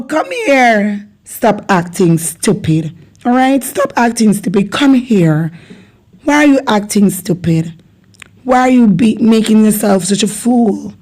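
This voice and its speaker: A woman with a Jamaican accent hosting a casual video lesson on Patois, energetic and laughing often. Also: mid-range voice. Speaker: channel host teaching Jamaican Patois.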